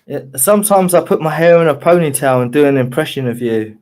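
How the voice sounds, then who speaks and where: A man's voice: on the high side, animated, fairly quick, noisy background. A man chatting on a live stream, laid-back and joking, often stumbling and restarting his words. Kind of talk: casual chat.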